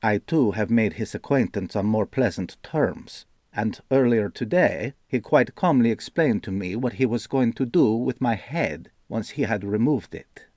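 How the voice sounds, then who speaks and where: A man narrating a fantasy audiobook in a measured, steady reading. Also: fairly low pitch, no room sound, clean studio sound.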